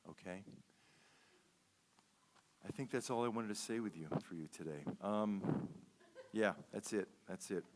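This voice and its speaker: A man's voice: fairly low pitch, a little slow, long pauses, darkish tone, slight background noise. A man giving a sermon as a guest speaker, telling a personal story in a conversational way, repeating words and often checking in with "okay?". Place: church sanctuary.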